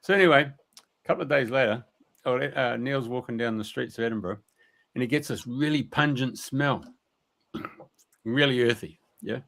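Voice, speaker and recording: Male radio storyteller, rambling and colloquial, mid-pitched voice. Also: moderate pace, vocal fry, pauses often, a bit bright. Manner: colloquial, rambling, many fillers. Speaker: radio show speaker. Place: radio studio.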